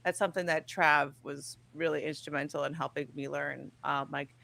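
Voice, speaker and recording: A woman's voice: low voice, fairly even intonation, normal speed, gravelly, a bit bright. A woman in her thirties chatting as an interview guest, rambling and leaning on fillers like "like". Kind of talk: casual interview chat.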